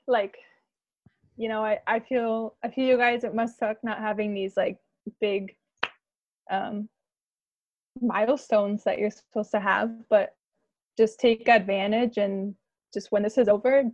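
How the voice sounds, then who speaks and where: A woman middle school teacher chatting excitedly, with many fillers and "like"s. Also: medium pitch, no room sound, dull audio. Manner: excitable, lots of "like". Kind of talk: casual chat.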